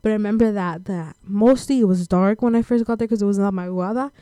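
Mellow young woman telling a slangy story. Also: mid-range voice, fast, clear, resonant tone, dry recording, studio quality. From United States. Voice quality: slangy, laid-back storytelling with lots of fillers. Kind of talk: casual chat.

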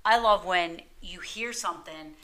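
A woman's voice: fairly low pitch, measured pace, fairly bright tone. A woman chatting casually as a paranormal investigator, rambling through stories and acting out what she heard. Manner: rambling storyteller, acts out quoted voices. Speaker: paranormal investigator, podcast co-host. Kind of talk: casual group chat.

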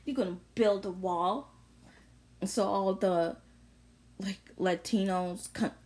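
A woman's voice: mid-range voice, fairly even intonation, slow pace, a little mellow. A young woman vlogger ranting bluntly through an unscripted monologue, full of profanity and confrontation. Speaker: vlogger sharing opinions.

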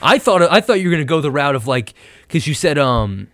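A young American man co-hosting a casual comedic chat, riffing quickly and laughing often. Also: a little high, no room sound. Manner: animated, joking, quick riffs, frequent laughter. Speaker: podcast co-host.

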